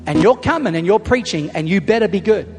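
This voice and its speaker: A man's voice: high-pitched, animated, fast, voice pushed down. A man quoting his earnest elderly father. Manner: earnest, solemn vow-making. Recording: long hall reverb, faint music.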